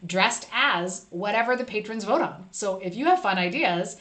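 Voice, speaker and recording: A woman chatting her way through a live stream, reading comments aloud as they come in. Her talk is loose and playful, full of quick asides and friendly back-and-forth with viewers. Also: medium pitch, expressive, a bit bright. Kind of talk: casual live stream chat.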